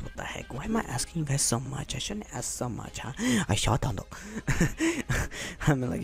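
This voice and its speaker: Excitable male gamer, lively pitch. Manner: excitable, playful, rambling. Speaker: gamer commentator. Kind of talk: casual gameplay commentary.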